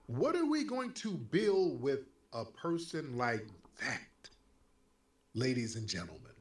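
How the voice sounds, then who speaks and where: A man with a Black American accent, hosting a heated call-in talk show, mocking and animated, swinging from loud to soft. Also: mid-range voice, a little slow. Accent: Black American English. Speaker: host.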